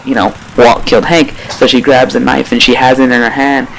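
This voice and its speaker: A man reviews a TV episode in a loose, rambling way. He retells scenes excitably, with plenty of fillers and casual swearing. His voice sits at a middle pitch, and faint noise hums underneath. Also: fairly quick, gravelly, poor audio.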